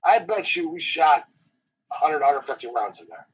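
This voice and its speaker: A man, a professional wrestler, telling his encounter stories in a rambling, dramatic way that slows down for suspense. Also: a little high, lively intonation, husky. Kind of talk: animated storytelling. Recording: dull lo-fi interview audio.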